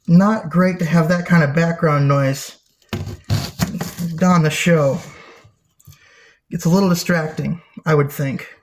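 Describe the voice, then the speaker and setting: Slow, playful cooking show host. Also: male voice, on the high side, a little hiss or hum. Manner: playful, makes silly sound effects while working; chatty, jokey asides. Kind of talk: casual cooking demonstration.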